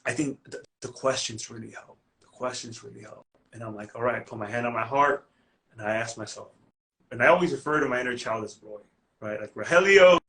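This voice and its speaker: A man's voice: mid-range voice, fairly quick, a bit bright. A man who works as a coach, talking casually on a live stream, slangy and full of restarts. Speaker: life coach.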